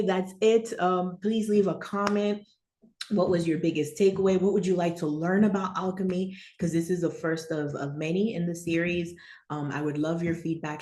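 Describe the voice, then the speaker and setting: The spiritual teacher, whose voice sits low, teaches informally online with a rambling style, frequent "right?" and "okay?" check-ins, easy laughter, and animated storytelling. Echo from the room is noticeable.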